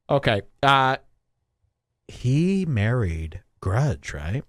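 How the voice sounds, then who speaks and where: Lively sarcastic man ranting on a podcast. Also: medium pitch, normal speed, no room sound, studio quality. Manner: sarcastic, exaggerated mock voices. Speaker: podcast host. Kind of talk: ranting comedic podcast talk.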